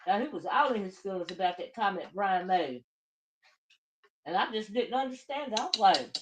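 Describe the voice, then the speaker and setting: A woman's voice: medium pitch, big pitch swings, normal speed, breathy edge, poor audio. Chatty woman streaming commentary. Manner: chatty, keeps asking "right?" and calls viewers honey. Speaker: livestream commentator. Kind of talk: casual livestream commentary.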